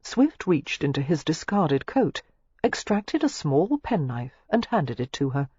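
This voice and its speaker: An audiobook narrator reads a novel with lively, rising and falling pitch. The voice has a husky edge. The recording is dull and lo-fi, with a close, dry sound. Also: unhurried, dry recording. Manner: expressive, shifting pitch through the narration.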